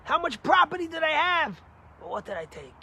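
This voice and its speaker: A man, a rabbi, giving a sermon with animated, emphatic storytelling. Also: extremely high pitch, fairly quick.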